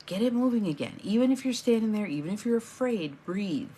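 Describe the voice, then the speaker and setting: A woman's voice: medium pitch, lively intonation, a little fast, warm tone, a little hiss or hum. A middle-aged woman hosting a live morning coaching stream, chatty and encouraging, greeting viewers by name as they join.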